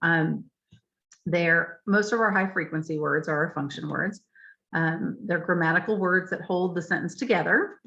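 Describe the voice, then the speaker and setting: A woman trainer teaches a session over a video call, walking through her points patiently and sounding out example phrases. Her voice sits a little low, with plenty of ums along the way. The computer audio is dull and lo-fi. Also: fairly bright tone. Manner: explanatory, frequent ums, demonstrates pronunciations aloud. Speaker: literacy trainer.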